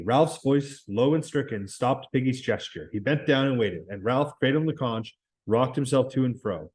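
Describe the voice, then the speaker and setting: A man reading a novel aloud in a plain, measured way. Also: mid-range voice, lively intonation, a little mellow. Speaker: reader.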